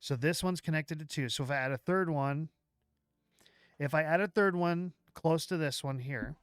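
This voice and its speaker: A man hosting a livestream, walking through software live while thinking aloud, with halting restarts, and chatting with viewers as he works. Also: fairly high pitch, smooth, no echo. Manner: chats with viewers while working. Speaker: livestream host.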